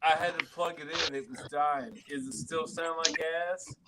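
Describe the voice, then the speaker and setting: A man in a casual group chat who talks in a halting, enthusiastic way and swears often. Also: a little high, steady tone, crowd noise.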